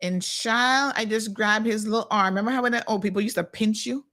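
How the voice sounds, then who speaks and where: A Caymanian woman with an ordinary mid-range voice hosts a casual talk show. She reads viewer comments aloud and spins sassy, lively stories, peppering them with affectionate asides. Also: medium pitch, fairly quick. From Cayman Islands. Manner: sassy, animated storytelling with "honey child" asides. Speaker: host.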